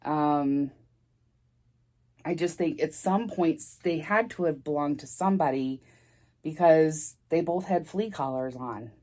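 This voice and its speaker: A middle-aged woman vlogger telling a story in a halting, rambling way, near tears. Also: low-pitched, a little mellow. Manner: rambling, halting, emotional, restarts often. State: tearful, near crying. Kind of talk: casual storytime vlog.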